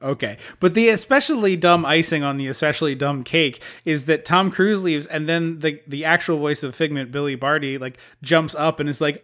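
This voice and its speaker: A podcast co-host in casual movie-recap chat, telling stories in a quick, animated way with plenty of asides. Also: mid-range voice.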